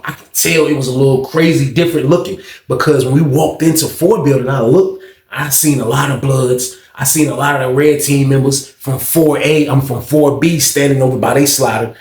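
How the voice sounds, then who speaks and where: A man's voice: medium pitch, a little mellow. A man casually telling a storytime tale in slang, animating it with acted-out dialogue. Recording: roomy echo.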